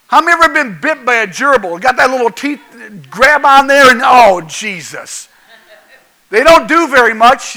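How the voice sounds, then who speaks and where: A man's voice: very high-pitched, bright, forceful tone, poor audio. A male pastor preaching a folksy, jokey sermon that keeps asking the congregation questions.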